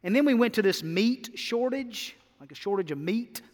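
High-voiced man preaching in a reverberant hall. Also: moderate pace. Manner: energetic preaching, rising to emphatic peaks and dropping to quiet asides. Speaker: pastor. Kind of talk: sermon.

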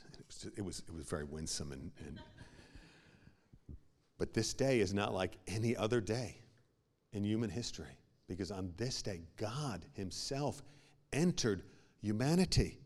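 A man preaching a sermon as a pastor, swinging from hushed asides to loud, emphatic peaks and repeating words as he builds a point. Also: lowish voice, lively intonation, moderate pace.

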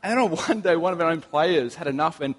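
A young Australian man preaching a sermon, telling relaxed, anecdotal stories with humor. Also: on the high side, brisk, slight background noise. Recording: long reverb of a large hall.

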